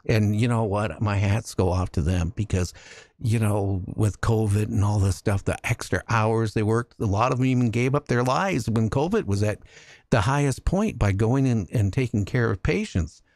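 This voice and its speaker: A man hosting a casual talk radio show, telling jokey stories with lively energy. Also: fairly low pitch, normal speed, no room sound, studio quality. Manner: animated storytelling, jokey.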